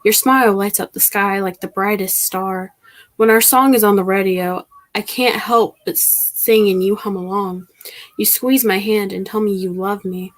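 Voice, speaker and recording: A young woman reciting her own poem at an online open mic, in a soft, steady delivery over a computer mic. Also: medium pitch. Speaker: youth spoken word poet. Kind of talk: reciting poetry. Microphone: computer mic on a video call.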